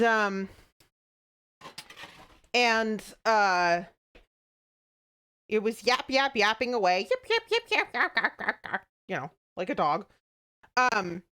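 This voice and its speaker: A woman's voice: medium pitch, fairly bright tone. A woman streamer telling jokes to her chat in a giggly, rambling way, stopping and restarting often. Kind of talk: casual joke-telling to a live chat.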